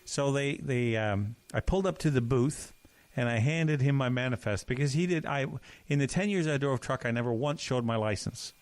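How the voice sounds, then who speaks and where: A man's voice: mid-range voice, normal speed, no room sound. A man co-hosting a podcast, telling folksy stories and jokes in casual chat. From Canada. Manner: folksy storyteller, jumps into put-on voices. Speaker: podcast co-host.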